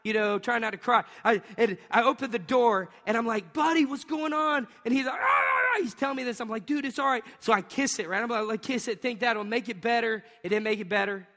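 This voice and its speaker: Animated preacher man in a reverberant hall. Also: very high voice, a little fast, hardly any pauses. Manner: animated storytelling with bursts of acted-out sounds; laughs often while telling stories. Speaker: pastor. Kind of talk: sermon.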